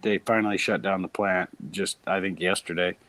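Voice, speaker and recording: A man's voice: low voice, fairly even intonation, normal speed, a bit bright, no room sound. A man chatting casually on a live stream, speaking in a blunt, plain way.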